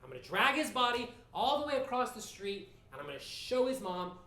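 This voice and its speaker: A man telling a comic story in a confessional, deadpan way, with casual profanity, in an echoey room. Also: high voice, brisk, hardly any pauses. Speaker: stand-up comedian.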